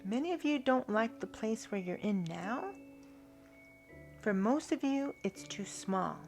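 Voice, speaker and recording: A woman giving a spiritual tarot reading in a soft, earnest way, now and then dropping to a hushed whisper. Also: fairly high pitch, expressive, a little slow, vocal fry, soft background music. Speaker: tarot reader.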